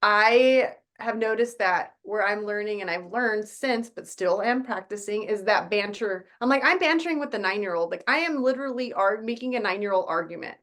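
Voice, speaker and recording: A woman's voice: mid-range voice, normal speed, few pauses, a bit bright. A woman in her thirties in casual podcast chat, talking at length and acting out what she says to her kids. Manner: rambling, acts out quoted dialogue with her kids. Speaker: podcast guest.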